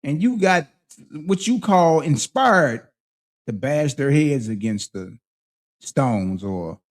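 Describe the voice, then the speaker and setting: A man's voice: fairly high pitch, darkish tone. A man hosting a livestream, preaching and confronting his critics in heated, slang-heavy commentary. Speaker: livestream host.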